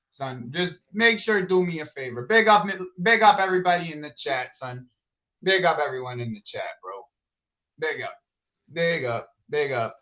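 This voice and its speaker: A man's voice: fairly high pitch, muffled recording. Fired-up man ranting about football. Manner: animated, swears a lot, rants. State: agitated, rattled. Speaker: podcast co-host. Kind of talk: casual football chat.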